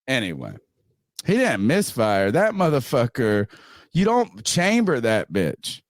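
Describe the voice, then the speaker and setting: Animated profane man telling a story. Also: mid-range voice, unhurried, no room sound, clean studio sound. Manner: animated, swearing, acts out both sides in raised voice. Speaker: podcast host telling a story.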